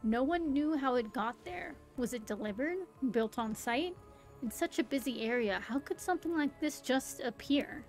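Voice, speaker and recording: Expressive and high-voiced, a young woman reads a game's story aloud on stream at a moderate pace, playing it up dramatically. She occasionally drops out of the narration for giggly, amused asides. There is faint music behind her, and the recording is rough.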